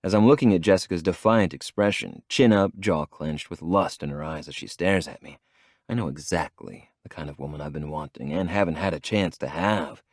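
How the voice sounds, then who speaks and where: A man narrates a romance audiobook in the first person, in a very deep voice. His delivery is low, measured and intimate. The sound is dry and close, with no room around it. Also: dry recording.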